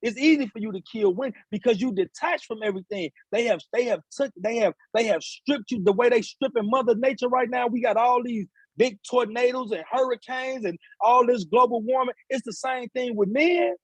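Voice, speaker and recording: A man speaks in a high, breathy-edged voice. He talks like a preacher, repeating himself and rising in force. The room sounds dry and close. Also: a little fast, hardly any pauses, no echo, rough recording. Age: adult father of seven sons. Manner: preaching, repetitive, rising to emphatic peaks. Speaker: author and speaker, guest. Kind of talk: impassioned podcast talk.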